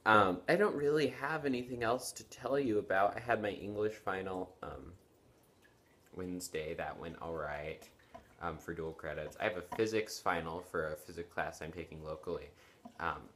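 A sleepy teenage boy talks to his camera from his bedroom, his voice sitting quite low. He rambles and apologizes, stalling on ums and restarting his sentences. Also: moderate pace, a bit bright, a little hiss or hum. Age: late teens. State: tired and yawning. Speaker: vlogger. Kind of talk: casual chat to camera. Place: bedroom at home.

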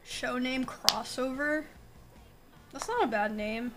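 A woman's voice: sits high, slow, over music. A young woman streaming from home, chatting casually and thinking aloud, laughing often at her own ideas.

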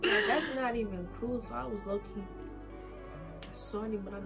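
A young woman co-host with a slightly high voice, relaxed and slangy, half-mumbling her side of the story. Music plays clearly underneath. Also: normal speed. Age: young adult. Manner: laid-back, slangy, mumbling. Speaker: vlog co-host. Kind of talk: casual storytime chat.

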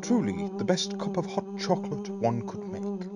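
A man's voice: high voice, expressive, moderate pace, over a noisy crowd. A man doing a posh, pompous voice as he tells a dramatic tale in a comedy sketch, overly formal and flowery. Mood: grandiose. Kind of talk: comic sketch narration.

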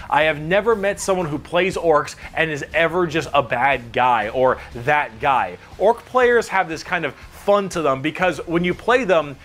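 A man narrating a comedic explainer video, energetic and jokey, swearing freely. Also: a little high, a little hiss or hum.

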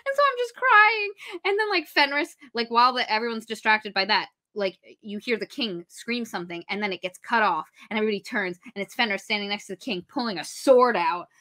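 Woman podcaster gushing over a book plot, bright voice, does the characters' lines, swears a bit. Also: a little high, brisk, few pauses. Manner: animated retelling, acts out characters' lines; swears freely. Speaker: podcast co-host. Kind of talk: casual book review chat.

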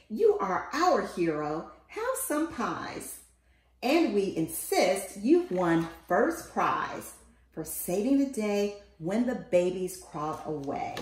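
A woman reading a children's picture book aloud in an expressive, sing-song way, calling out the quoted lines. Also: medium pitch. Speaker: storybook reader. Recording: roomy, echoey room.

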